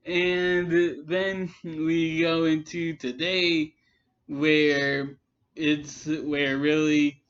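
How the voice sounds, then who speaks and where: A man giving a rambling, exasperated response rant in a vlog, with many halting restarts. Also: a little high, level tone, fairly bright tone, muffled recording. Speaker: commentary vlogger.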